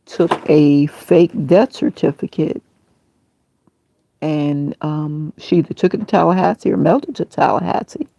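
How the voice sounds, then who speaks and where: A woman with a gravelly, mellow voice talks on a livestream. Her monologue rambles from one grievance to the next, emotional and aggrieved. The sound is dry and close. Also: low-pitched, no echo. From Tampa, Florida area. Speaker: livestream host.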